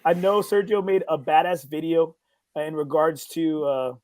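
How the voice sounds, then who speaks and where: Podcast host: Texan man, high-pitched, loud profane banter, dry recording. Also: a little slow, no echo. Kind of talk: casual chat.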